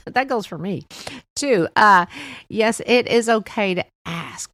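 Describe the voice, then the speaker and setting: Speaking slowly with lively intonation, an older podcast host tells stories in a loose, talkative monologue, laughing frequently. Her voice is medium in pitch and somewhat bright, recorded without echo.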